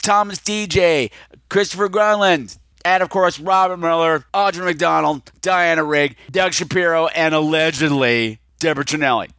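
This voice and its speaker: A man's voice: fairly high pitch, a bit bright, no room sound, clean studio sound. A man hosting a podcast, talking in a campy, teasing, theatrical monologue. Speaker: podcast host.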